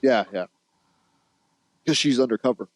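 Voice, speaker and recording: Heard on a dry, low-quality recording, this co-host speaks at medium pitch and a measured pace. His retelling of a movie's plot is loose and laughing, with false starts and the occasional curse.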